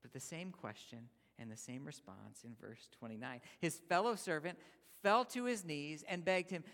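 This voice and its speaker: A man preaching as a guest speaker, emphatic, swinging between loud points and near-whispers. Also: a little high, lively intonation, moderate pace. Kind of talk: sermon. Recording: long hall reverb.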